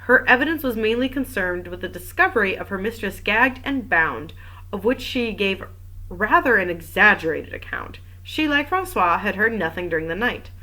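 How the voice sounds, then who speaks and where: A woman's voice: mid-range voice, animated, normal speed, sharp tone, rough recording. A woman reading a mystery novel aloud, breaking off for wry, chatty asides about the text. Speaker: reader and commentator.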